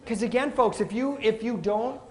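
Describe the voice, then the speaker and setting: A man giving a live motivational talk, animated, calling the audience folks and acting out what people say. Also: very high voice, moderate pace. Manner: animated, addresses crowd as folks, acts out quotes. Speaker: motivational speaker.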